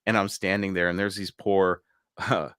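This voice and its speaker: Brief: low-pitched male host, chatty storyteller, dry close sound, laughs often. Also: level tone, normal speed, fairly bright tone, smooth, dry recording. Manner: laughs through stories, acts out quoted voices. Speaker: podcast host. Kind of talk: casual storytelling chat.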